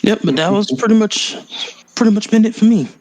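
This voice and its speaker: A man co-hosting a podcast, giving slow, easy replies in a casual chat about games and laughing often. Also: high-pitched, a little mellow, no echo, rough recording. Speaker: podcast co-host.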